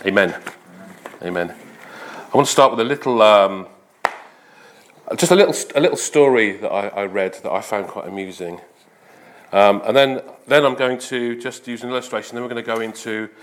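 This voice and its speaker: A man's voice: lowish voice, a bit bright. A man preaching a conversational sermon after an opening prayer, informal and repeating himself often. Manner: informal, repeats "Lord" and "just", restarts.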